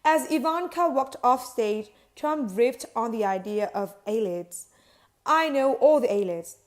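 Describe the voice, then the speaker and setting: A woman with a slightly raised pitch reads a news article aloud. Her delivery stays even and uninflected, and quoted lines come out in the same flat reading voice as the rest. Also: a little slow. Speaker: news reader.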